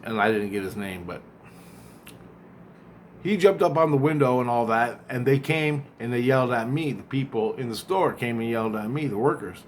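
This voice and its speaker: A man casually retelling a dream, rambling and acting out both sides of the conversation, often halting and repeating words. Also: medium pitch, animated, a little hiss or hum.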